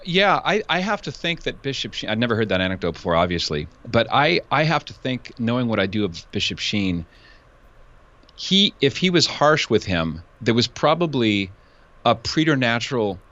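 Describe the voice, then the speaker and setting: A man's voice: mid-range voice, very animated, normal speed, a bit bright. A male host in a casual interview chat, joking and conversational. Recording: dull lo-fi sound.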